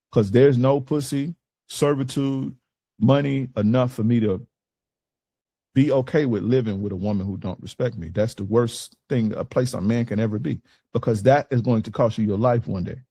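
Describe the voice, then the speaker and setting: A man's voice: mid-range voice, mellow, breathy edge, dry recording. Blunt, profane man coaching on dating. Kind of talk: casual coaching talk to a group.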